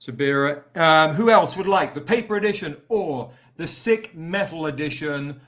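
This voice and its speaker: A man's voice: on the high side, expressive, normal speed, a bit bright. A man hosting a casual live stream, chatty and upbeat, greeting viewers by name while selling comic editions. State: recovering, tired.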